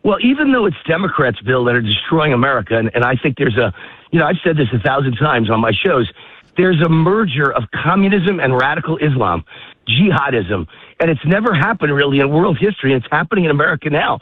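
A man calling in as a guest, out of breath while walking a dog in a park, talking in an emphatic, rapid-fire, repetitive way. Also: a little high, sing-song, slightly rough, no echo. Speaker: call-in guest. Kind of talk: heated political phone interview. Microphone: phone. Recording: tinny dry phone line.

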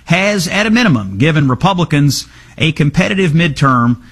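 A man's voice: a little high, sing-song, normal speed, fairly bright tone, breathy edge. A man hosting a political talk radio show, giving commentary and reading an ad in a confident, conversational way.

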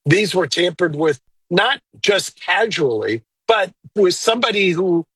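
A man with a fairly high, husky voice gives blunt, measured legal opinions as an interview guest. His voice is close and dry, with no room sound. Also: animated, a bit bright, no echo, low-quality recording. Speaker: lawyer guest. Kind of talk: interview answers.

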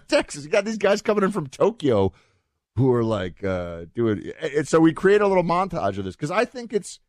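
A man's voice: a little high, big pitch swings, normal speed, a little mellow, dry recording, studio quality. A man hosting a talk show, chatting in a rambling, casual way with many restarts and fillers.

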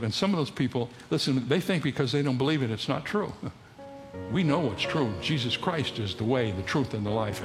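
A man preaching an earnest sermon as a pastor, exhorting his listeners with emphatic repetition. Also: medium pitch. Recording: long hall reverb, faint noise.

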